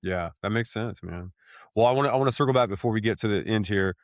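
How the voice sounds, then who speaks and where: A podcast host with a low voice and a dry, close sound. He keeps his turns short and affirming and asks his guest questions in an easy, relaxed way. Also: fast, no echo. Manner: brief affirming replies, relaxed. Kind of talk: interview questions.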